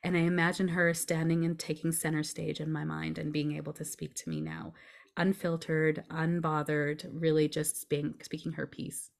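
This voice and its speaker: A woman's voice: low voice, moderate pace, gravelly. A woman guest on a podcast, explaining emotions earnestly and reassuringly, often checking in with her listener. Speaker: podcast guest, grief coach. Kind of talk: conversational explaining.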